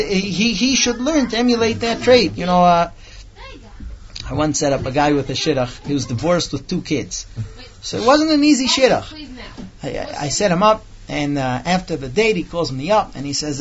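A man teaching a casual Torah class to a small group, quickly reading out Hebrew text and then explaining it with stories. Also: sits high, expressive, highs cut off. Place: room with a small group of listeners.

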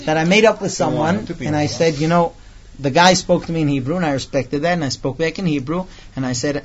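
A man teaching a casual Torah class to a small group, quickly reading out Hebrew text and then explaining it with stories. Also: a little high, dull audio. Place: room with a small group of listeners.

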